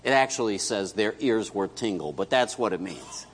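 A man preaching a sermon as pastor, telling a story and acting out its dialogue, swinging between loud and hushed. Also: fairly low pitch, animated, normal speed, husky. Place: church sanctuary. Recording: echoey church hall.

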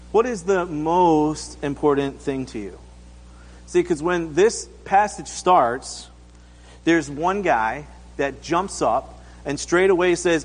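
High-voiced man preaching in a reverberant hall. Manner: casual, acts out quotes, asks the congregation questions. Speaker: pastor. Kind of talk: conversational sermon.

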